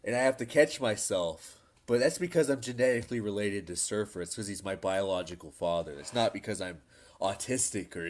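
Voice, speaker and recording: A man's voice: lowish voice, brisk. A man chatting casually on a podcast, laughing often and swearing freely. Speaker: podcast co-host. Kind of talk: casual crude banter.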